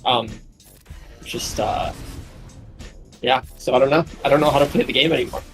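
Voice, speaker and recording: A man's voice: mid-range voice, moderate pace, faint music behind. A man joining a gaming stream as a guest, talking casually and a bit hesitantly. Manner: relaxed, hesitant with fillers. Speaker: guest tool developer. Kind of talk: casual voice-chat talk.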